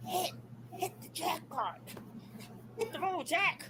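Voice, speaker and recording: A woman's voice: extremely high pitch, animated, slow, background noise. A woman hosting a live stream from home, scolding and ranting in an exasperated, repetitive way. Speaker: livestream host. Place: home room.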